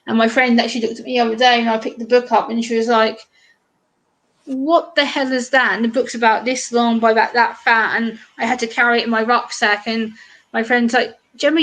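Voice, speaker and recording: Woman, eastern English accent, casual live-stream chat, laughs a lot, fairly high pitch. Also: fairly bright tone. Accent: English, eastern England. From England. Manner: chatty, laughs often, restarts sentences. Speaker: guest YouTuber.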